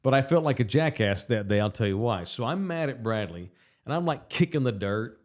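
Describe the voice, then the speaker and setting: Profane, animated male host. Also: mid-range voice, brisk. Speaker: podcast host. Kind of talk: casual storytelling chat.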